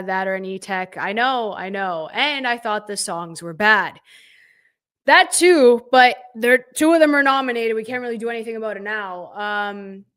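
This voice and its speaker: A young woman hosting a casual live reaction stream, opinionated and animated, reading out viewers' chat comments. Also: medium pitch, smooth. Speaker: livestream host reacting to award nominations.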